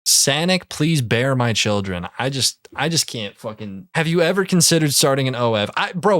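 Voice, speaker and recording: A man's voice: mid-range voice, animated, normal speed, few pauses, fairly bright tone, no echo, studio quality. A man doing casual reaction commentary, ranting in disbelief and swearing constantly. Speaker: commentary youtuber.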